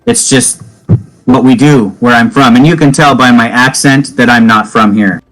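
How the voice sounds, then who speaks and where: A man playing a tabletop role-playing game, speaking in character with hesitant pauses and filler words. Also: medium pitch, fairly bright tone, faint music behind, rough recording. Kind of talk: in-character role-play mixed with table talk.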